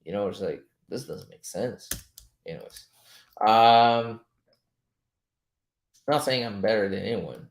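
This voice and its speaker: A man whose first language is French, chatting casually as a trading coach while he reads charts live, loose-tongued and quick to chuckle. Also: on the low side, animated. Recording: roomy echo.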